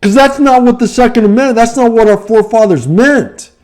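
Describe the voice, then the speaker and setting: A middle-aged man ranting casually on his vlog, profane and heated, swinging from low muttering to shouting. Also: brisk. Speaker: vlogger and life coach.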